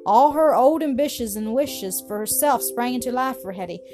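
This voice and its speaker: A woman reading a story aloud in a steady, expressive way. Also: on the high side, moderate pace. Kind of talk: storybook narration. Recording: music playing behind.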